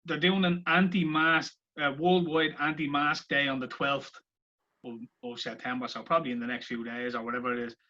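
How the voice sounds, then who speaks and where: A fairly high, bright, sharp-edged man's voice fires off heated rhetorical questions in a sweary podcast rant. It is a casual chat between co-hosts. The audio is muffled and lo-fi. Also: level tone, brisk. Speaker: podcast co-host.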